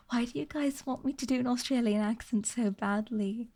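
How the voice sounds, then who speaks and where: A woman streamer chatting in a soft, half-whispered ASMR voice, giggling often and sounding sleepy. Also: a little high, moderate pace, slight background noise. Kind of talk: soft-spoken ASMR chat. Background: rain ambience.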